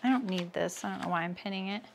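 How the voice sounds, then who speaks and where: A woman's voice: mid-range voice, fast talker, creaky, slight background noise. A woman in her thirties hosting a casual sewing livestream, chatting with viewers and laughing at her own jokes as she works.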